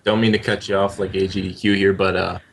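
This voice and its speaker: A young man in his late teens chats casually as co-host of a gaming channel. His voice sits very low, and he speaks earnestly and reflectively, with some hesitation. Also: flat delivery, fast talker, creaky, slightly rough. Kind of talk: casual chat.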